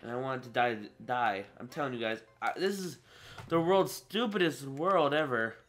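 A man's voice: medium pitch, moderate pace, a bit bright. A teenage boy giving casual let's play commentary, talking to his viewers, getting frustrated and swearing. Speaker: gaming channel host. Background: game music.

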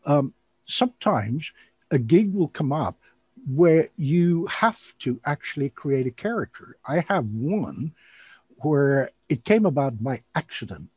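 Man hosting a casual show chat, rambling and animated, husky voice, dry sound. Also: medium pitch, no echo. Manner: rambling, animated, laughs often, name-drops. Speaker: show host and magician.

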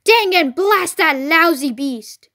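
A woman putting on a fat, bad-tempered storybook farmer who blusters and curses. The voice is pitched up and loud with rage. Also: lively intonation, slow, full character voice. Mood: angry. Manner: angry and blustering.

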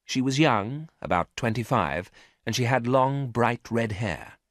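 A man narrating a graded story for English learners, reading clearly and carefully. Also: mid-range voice, lively intonation, unhurried, fairly bright tone, no room sound, clean studio sound.

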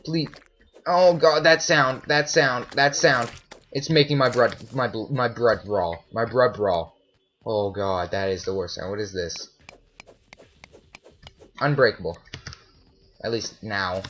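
A man's voice: fairly low pitch, takes it slowly, long pauses, slight background noise. A man commentating his own gameplay, easily startled and often yelping in alarm. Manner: jumpy, often shouts in alarm. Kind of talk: let's play commentary.

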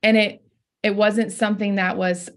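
A woman's voice: mid-range voice, level tone, moderate pace, fairly bright tone. A young adult woman, a pastor and podcast guest, telling a personal story in an earnest, heartfelt way. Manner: heartfelt, earnest, laughs through tears.

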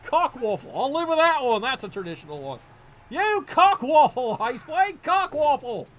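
A man commentating a tabletop-style video game match casually, excitable and profane, stammering when worked up. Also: very high-pitched, fairly quick.

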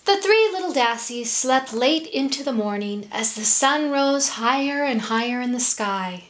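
Slow gentle lady reading a picture book to kids, highish voice. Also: animated, slight background noise. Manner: gentle, with hushed whispered asides. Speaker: storyteller for children.

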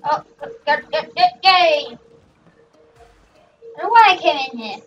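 Very high-voiced excitable young gamer. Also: measured pace. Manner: rambling, excitable, shrieks at game events. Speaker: gaming channel host. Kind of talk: let's play commentary. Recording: dull, distant mic with faint music.

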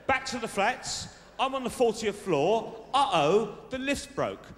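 A man's voice: high-pitched, very animated, measured pace, fairly bright tone, exaggerated voice. A man playing a boastful South London lad who gives dating tips in a live stand-up character act, full of tag questions. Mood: cocky. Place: large theatre stage with audience. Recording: live hall reverb, faint noise.

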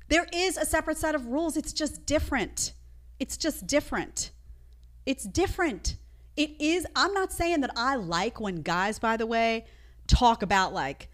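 A woman's voice: a little high, lively intonation, moderate pace, fairly bright tone. A woman hosting a live show, reacting to clips in an emphatic, opinionated way and talking straight to her chat.

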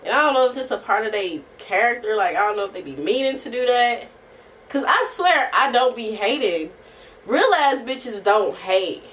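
A young woman talking to her camera in a loose, rambling vlog, full of slang and swearing and quick laughs. Her voice sits a little high and swings up and down freely as she talks. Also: recorded from a distance. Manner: chatty and rambling, slangy and profane, laughs often; breaks into soft singing. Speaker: vlogger. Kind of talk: casual chat to camera.

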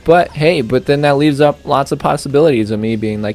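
A man's voice: brisk, darkish tone, soft background music. A young man casually commenting on his gameplay, rambling and joking with lots of fillers. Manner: rambling, filler-heavy, jokey, puts on silly high voices. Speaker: let's play host.

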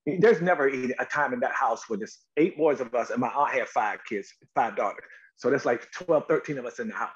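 Animated storytelling man, lo-fi sound. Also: mid-range voice, fairly quick. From North Carolina, USA. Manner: animated storyteller, repeats words, acts out quotes. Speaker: actor guest. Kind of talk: storytelling interview.

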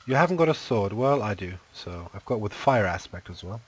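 A man's voice: fairly low pitch, animated, fairly quick, husky, dry recording. A man chatting casually while playing a video game with a friend, rambling and often restarting his sentences. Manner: rambling, self-interrupting, laid-back. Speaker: channel host, game player. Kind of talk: casual gameplay chat.

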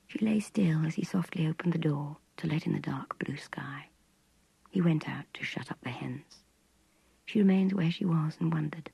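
An older woman narrating a literary novel in a hushed, intimate, measured voice. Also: low-pitched, gravelly, husky, no echo, rough recording. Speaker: reader.

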